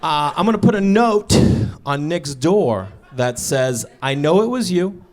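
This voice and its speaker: A man in his thirties doing stand-up storytelling on stage, acting out dialogue and shouting his punchlines. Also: fairly high pitch, expressive, unhurried. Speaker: stand-up comedian. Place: stage before a live audience.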